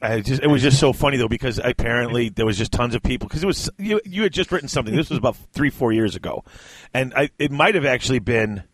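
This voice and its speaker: An excitable man hosts a casual podcast, rambling through his stories with lots of laughter. His voice is medium in pitch. The sound is dry and close to the mic. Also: quick pace, slightly rough, no room sound. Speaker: podcast host.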